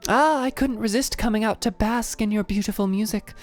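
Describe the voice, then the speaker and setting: A woman voicing a gentle, divine female great fairy from a video game, speaking softly and earnestly. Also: mid-range voice, a little fast, faint music behind, voice pushed up, lightly acted. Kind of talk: reading game dialogue aloud.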